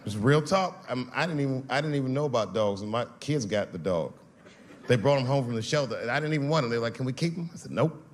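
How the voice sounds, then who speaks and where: Male stand-up comic, animated storyteller with a swinging pitch; noisy stage audio. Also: fast. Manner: animated storytelling with bursts of shouting. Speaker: stand-up comedian. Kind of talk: stand-up routine. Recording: noisy live stage recording.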